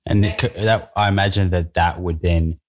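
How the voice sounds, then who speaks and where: A man's voice: low voice, steady tone, moderate pace. A man hosting a podcast, asking thoughtful questions in a casual, hesitant way and often restarting his sentences. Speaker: podcast host. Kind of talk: casual interview conversation.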